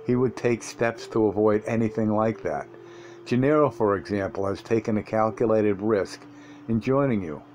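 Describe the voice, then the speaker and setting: A man reading an audiobook, voicing an old male sorcerer teacher who speaks low, hushed and deliberate. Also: slight background noise, lightly acted.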